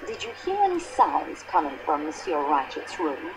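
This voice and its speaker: A woman's voice: deep voice, wildly swooping pitch, normal speed, noisy background. An actress with a French accent playing a patient young female investigator in a mystery video game, formal and clipped.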